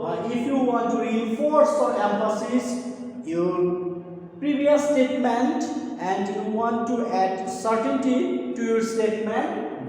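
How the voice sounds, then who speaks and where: Man, high voice, slow repetitive teacher delivery, distant mic in a very echoey room. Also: a little mellow. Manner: repetitive, addresses listeners as dear students. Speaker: English teacher. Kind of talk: recorded grammar lecture.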